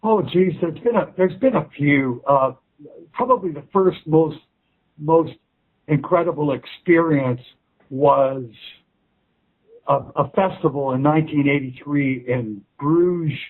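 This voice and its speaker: A man's voice: on the high side, a little slow. A male musician chatting in an interview, restarting sentences and swearing freely. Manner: rambling restarts, frequent swearing. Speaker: musician guest. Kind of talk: casual interview chat. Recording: tinny phone line.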